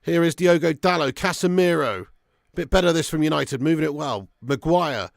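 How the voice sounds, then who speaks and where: A man hosting a live football watch-along, commentating on play and chatting with viewers. He swears a lot and swings between excited shouting and flat grumbling. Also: on the high side, normal speed, gravelly, dry recording, clean studio sound. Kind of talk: live match commentary and fan chat.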